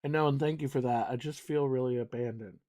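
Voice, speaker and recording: A man reading the lines of a heartbroken young woman friend in a game, quiet and subdued. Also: medium pitch, fairly even intonation, quick pace, natural voice. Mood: sad.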